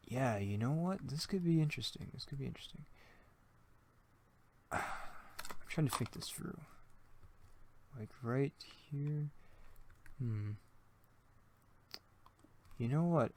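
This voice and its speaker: Young man, gaming host, casual let's-play chatter, rambling, self-deprecating, gravelly vocal fry. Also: medium pitch, a bit bright. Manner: rambling, thinks aloud, self-mocking jokes.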